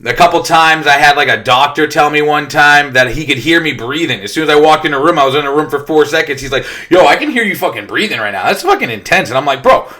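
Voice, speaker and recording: Young man, bright forceful voice, a bit high, casual storytelling, swears a lot. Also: animated, fast, few pauses. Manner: swears constantly, blunt and conversational. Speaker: detox center worker sharing his recovery story.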